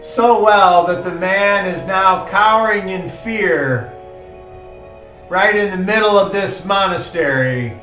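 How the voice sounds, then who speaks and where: A man narrating as game master of a tabletop game, telling the scene slowly with fillers. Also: high-pitched. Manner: lively, slow storytelling with fillers. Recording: roomy, distant mic, faint music.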